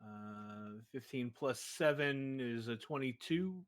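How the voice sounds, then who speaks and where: A middle-pitched man takes his turn in an online tabletop game. He is chatty and playful and talks through his moves with plenty of fillers. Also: takes it slowly. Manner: chatty, playful, fills with ums. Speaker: player.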